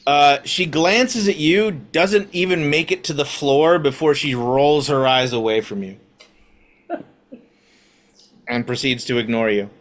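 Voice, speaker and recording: A man narrating as game master of a tabletop game, halting with many fillers. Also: a little high.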